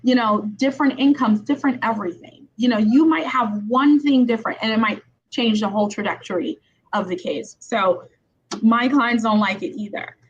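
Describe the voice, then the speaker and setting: A woman's voice: a little high, normal speed. Chatty woman attorney hosting a podcast. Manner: chatty, conversational. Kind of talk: podcast interview. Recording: slightly dull sound with faint background noise.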